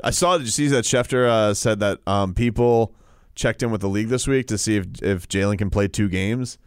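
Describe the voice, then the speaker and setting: A man's voice: fairly low pitch, a little fast, clean tone, no room sound, clean studio sound. Joking man on sports radio. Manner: joking, rambling, animated riffs. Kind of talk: casual sports banter.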